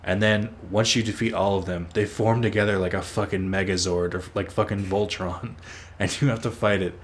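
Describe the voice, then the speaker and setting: A man's voice: on the low side, steady tone, moderate pace, slight background noise. A man hosting a let's play, rambling casually as he plays, swearing freely and teasing himself. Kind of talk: casual gameplay commentary.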